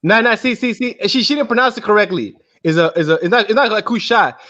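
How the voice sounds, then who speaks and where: A man from Sierra Leone, a livestream guest, talking in a halting way with many restarts as he corrects pronunciation. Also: high voice, lively intonation, pushed and bright, no room sound. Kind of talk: casual call-in chat. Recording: muffled call audio.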